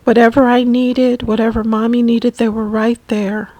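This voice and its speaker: A woman narrating a personal caregiving memoir, emotional and halting, often repeating words. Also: fairly high pitch, flat delivery, dark tone, no echo, low-quality recording. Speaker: family caregiver.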